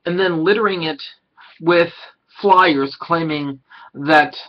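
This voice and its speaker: A man's voice: on the high side, slow pace, dull audio. A man in his thirties casually reviewing an anime episode, rambling through the plot and acting out the characters' lines. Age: 30s. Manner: rambling plot retelling, acts out character quotes.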